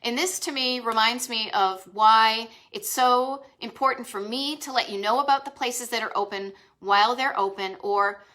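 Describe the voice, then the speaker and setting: A woman's voice: a little high, normal speed, few pauses, pushed and bright. A woman with a Boston accent hosting a live stream, chatting with enthusiasm and rambling asides. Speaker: host of a retro travel live stream. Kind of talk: casual live-stream chat.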